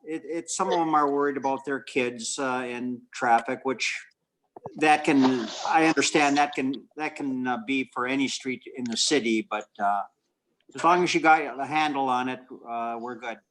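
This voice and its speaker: A man, a council member, raising a citizen concern in a halting, polite way full of repeated words. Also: medium pitch, fairly bright tone, a little hiss or hum. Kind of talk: remote council meeting discussion.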